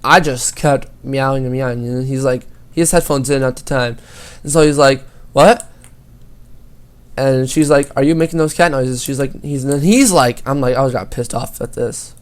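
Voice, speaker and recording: A man's voice: mid-range voice, fairly even intonation, normal speed, few pauses, clear, resonant tone. A teenage boy gaming YouTuber telling a school story over gameplay, rambling and swearing a lot.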